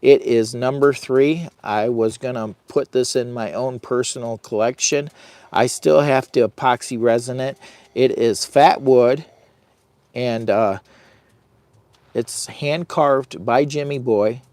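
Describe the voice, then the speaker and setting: A man's voice: mid-range voice, takes it slowly, a little mellow, dry recording. A man casually rambling through a camping vlog, goofy and self-mocking, chatting straight to his viewers. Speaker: vlogger. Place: hot tent while camping.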